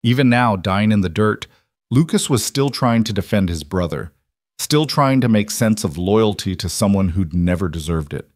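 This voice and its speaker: Low-voiced male story narrator. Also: moderate pace, dry recording, studio quality. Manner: even, steady storytelling.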